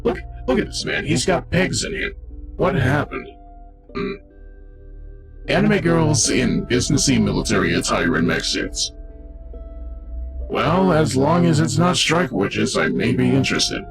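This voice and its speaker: A male streamer rambles and jokes through a card game, talking straight to his chat. His pitch swings wildly from low gravelly dips to sudden high yelps. Game music plays clearly behind him. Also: sing-song, measured pace, long pauses. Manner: rambling, jokey, talks to chat. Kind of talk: casual game commentary with chat.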